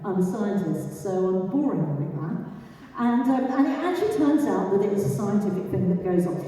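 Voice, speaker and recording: Lively woman in an echoey hall. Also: high-pitched. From England. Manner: lively, chatty, asks the audience questions. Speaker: speaker giving a talk. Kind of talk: live talk to an audience. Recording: echoey hall, mic far off.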